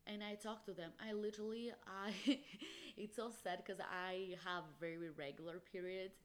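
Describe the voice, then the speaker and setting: A young woman hosts her own podcast, talking alone straight into the mic. She speaks emphatically and with feeling, leaning on "literally" and "like" as she presses her points home. Her voice sits at a middling pitch for a woman. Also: fairly even intonation, moderate pace. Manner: emphatic, impassioned, peppered with "literally" and "like". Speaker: podcast host. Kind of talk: solo podcast monologue.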